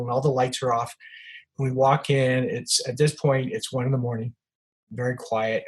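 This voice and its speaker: An older man, an author, tells rambling anecdotes as a guest on a podcast interview, restarting often and using many fillers. His mid-range voice has a breathy edge, and the recording is low quality.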